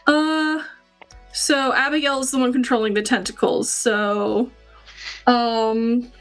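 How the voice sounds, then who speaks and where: High-voiced woman playing a tabletop game. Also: fairly even intonation, slow pace, soft background music. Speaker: player.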